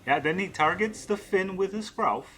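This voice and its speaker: Bright-voiced man thinking aloud. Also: high voice, expressive, normal speed, a little hiss or hum. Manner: muttering, counting cards, questioning himself. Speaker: gameplay streamer. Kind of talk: thinking aloud while playing a card game.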